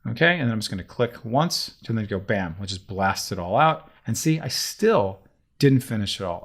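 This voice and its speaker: A man teaching software in a chatty, animated way, talking himself through each step of a screen-recorded tutorial. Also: lowish voice, moderate pace.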